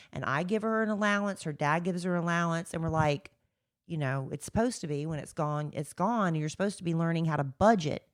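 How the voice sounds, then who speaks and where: Middle-aged woman, low-pitched co-host, chatty rambling storyteller. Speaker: podcast co-host. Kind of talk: casual chat.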